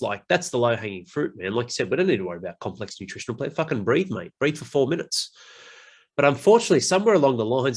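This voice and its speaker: Blunt, swearing podcast host. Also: male voice, mid-range voice. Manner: blunt, swearing, animated, mimics people. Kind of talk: casual podcast chat.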